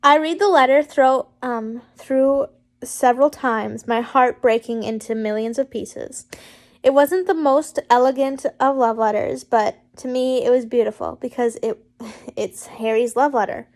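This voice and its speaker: A woman reads fan fiction aloud in a relaxed, homemade way. Her voice sits a little high for a woman, and she often stops to chat and joke with her listeners. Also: measured pace. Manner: chatty, breaks off to joke and laugh. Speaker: fanfiction reader.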